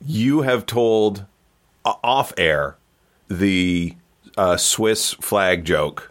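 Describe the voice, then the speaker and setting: Low-voiced man hosting a podcast. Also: lively intonation, a bit bright. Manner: encouraging, quick short replies. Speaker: podcast host. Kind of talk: casual podcast chat.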